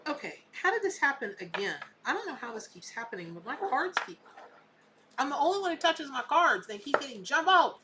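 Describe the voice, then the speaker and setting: A woman's voice: sits high, big pitch swings, brisk, background noise. A woman, hosting a live tarot reading in a chatty, emphatic way. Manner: chatty and emphatic, repeats words for effect. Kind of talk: casual live psychic reading.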